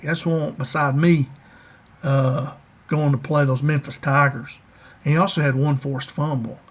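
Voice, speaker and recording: A man's voice: fairly high pitch, fairly bright tone. A man giving a folksy, enthusiastic casual breakdown of his college football team's players, speaking directly to his viewers. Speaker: college football fan commentator.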